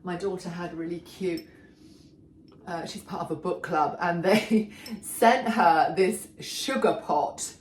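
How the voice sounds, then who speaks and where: A woman's voice: on the low side, slow pace. A middle-aged woman, chatting enthusiastically as she demonstrates a recipe in her home kitchen. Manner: chatty, enthusiastic, talks while working. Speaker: cooking show host. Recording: echoey kitchen, mic far off. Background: clattering dishes and pans.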